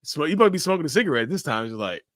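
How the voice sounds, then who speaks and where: This interview host races through his words in an echo-free recording. Loose, foul-mouthed and animated, he acts out how he reacts, his voice jumping widely in pitch amid laughter.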